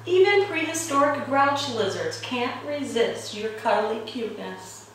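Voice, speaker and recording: A woman reading a picture book aloud to children in a playful, expressive way, with roars and chuckles, recorded in an echoey room from far off. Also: on the high side, a little slow, a little hiss or hum. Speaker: children's librarian.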